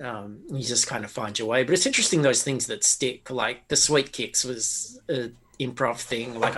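A man speaking at a middle pitch in a relaxed interview chat. He muses his way through answers, pausing on fillers and restarting his sentences as he thinks. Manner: reflective, rambling, with many fillers and restarts. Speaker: tabletop game master, interview guest.

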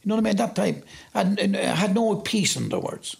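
Gravelly, raspy Irish man telling his story. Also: sits high, big pitch swings, brisk. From Ireland. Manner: rambling, vivid storytelling. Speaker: interviewee. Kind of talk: personal testimony.

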